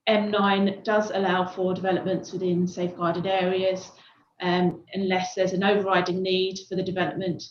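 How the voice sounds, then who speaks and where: Woman council officer, low, flat, careful, echoey room, dull call audio, faint hiss. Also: normal speed. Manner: careful, even, with frequent hesitations. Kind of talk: formal explanation at a hearing.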